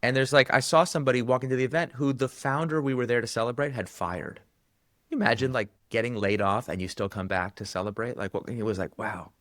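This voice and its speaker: A man, a guest author, telling a story in conversation and acting out the quoted dialogue with lively jumps in pitch. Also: fairly quick, no echo, clean studio sound.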